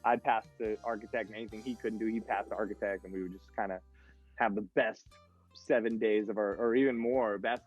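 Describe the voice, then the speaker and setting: A man's voice: lowish voice, fairly even intonation, brisk, husky, dry recording, faint music behind. A man, a guest DJ, telling stories in a rambling, casual way, filling his speech with "like". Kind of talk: casual storytelling.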